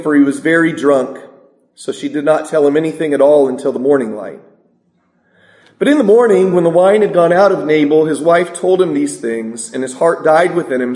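High-voiced preacher in an echoey church. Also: male voice, darkish tone. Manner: emphatic, rhetorical questions to the congregation; reads scripture aloud slowly. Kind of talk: sermon.

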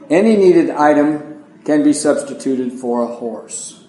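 High-voiced man preaching in an echoey room. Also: a little slow, darkish tone. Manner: folksy, self-deprecating, with plain asides to the congregation. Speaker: preacher teaching an evening Bible lesson. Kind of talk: conversational sermon.

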